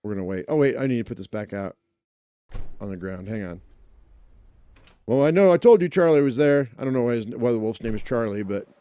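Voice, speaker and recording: A man talks through a survival game as he plays, muttering plans to himself and joking with viewers. His voice is mellow and warm, sitting at an ordinary pitch. He breaks into playful exclamations when things go wrong. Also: lively intonation, a little fast, long pauses, smooth. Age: adult, owns a dog. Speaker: let's play gamer. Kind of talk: casual gameplay commentary.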